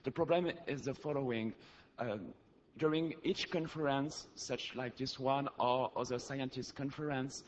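A man's voice: mid-range voice, fairly even intonation, muffled recording, a little hiss or hum. French-accented man asking an earnest question. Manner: earnest, halting, grows insistent. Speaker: activist asking a question from the audience. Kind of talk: conference audience question. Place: large conference hall. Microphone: audience floor microphone.

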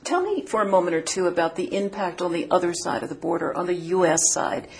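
Woman, radio interviewer, slightly low pitch, direct, brisk. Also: animated, darkish tone.

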